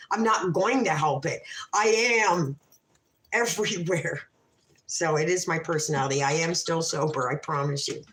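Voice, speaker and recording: A woman's voice: medium pitch, a bit bright. Brash, profane Canadian woman host, storytelling live in an echoey room. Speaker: livestream host. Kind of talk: casual storytelling livestream.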